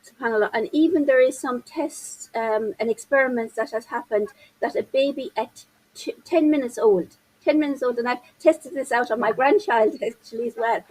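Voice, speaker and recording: A husky, high-pitched woman with a breathy edge speaks as a guest in an interview. She explains parenting ideas in an animated way, gesturing with her hands as she goes. She sounds like she is in her fifties. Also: normal speed, rough recording. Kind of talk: interview conversation.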